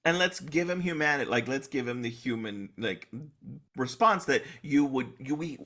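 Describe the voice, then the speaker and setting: Man co-hosting a podcast, rambling casual chat, lively pitch, bright slightly high voice. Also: moderate pace. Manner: animated, rambling, restarts and laughs. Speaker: guest co-host. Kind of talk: casual chat recapping a soap opera.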